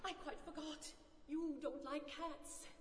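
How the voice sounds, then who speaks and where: A woman's voice: high voice, fairly even intonation, takes it slowly, slight background noise. A woman voicing a polite, earnest little girl in a storybook reading, recorded in an echoey room. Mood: apologetic. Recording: echoey room with long reverb.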